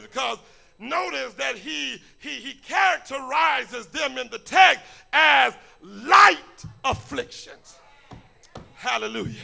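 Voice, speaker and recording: A man preaching in a very high, gravelly voice with a bright, cutting edge. He shouts his points in an impassioned sermon and often stammers over repeated words as he builds. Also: unhurried. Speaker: pastor. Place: church.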